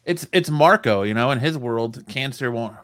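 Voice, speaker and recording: A man's voice: mid-range voice, lively intonation, moderate pace, a bit bright. A man with an ordinary mid-range voice tells wry, laid-back stories while co-hosting a casual podcast. He drops dry jokes into the chat. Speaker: podcast co-host.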